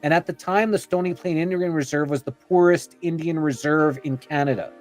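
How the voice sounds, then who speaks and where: Soft music sits behind a fairly quick, high-leaning male voice. He's a podcast guest relating a long personal story in a rambling, talkative manner, saying "like" and "you know" constantly and acting out the things people said.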